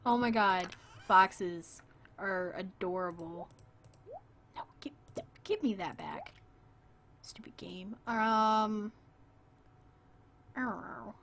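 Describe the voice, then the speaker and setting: A woman's voice: mid-range voice, very slow, pauses often, fairly bright tone, a little hiss or hum. A woman streaming a farming game, chatting casually and playfully with her viewers in rambling, jokey asides. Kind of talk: casual gameplay live stream chat.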